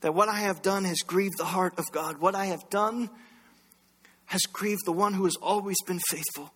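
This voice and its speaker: A man preaching a sermon as pastor, impassioned, swinging between loud bursts and hushed lines. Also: sits high, fairly even intonation, moderate pace. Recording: long reverb of a large hall.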